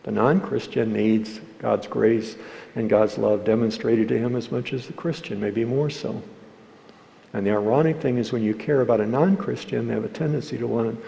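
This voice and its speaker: A male pastor preaches in a church, his dark, mellow voice carrying some gravel. He acts out sharp, scolding voices, then drops into quiet, tender speech, with a long reverb trailing each phrase. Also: medium pitch, moderate pace. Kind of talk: sermon. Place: church sanctuary.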